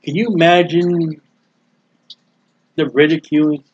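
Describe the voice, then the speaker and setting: A male preacher giving a lively, jokey sermon and acting out scenes, on a dull lo-fi recording. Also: a little high, measured pace, husky. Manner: animated, jokey, acts out scenes. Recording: dull lo-fi sound.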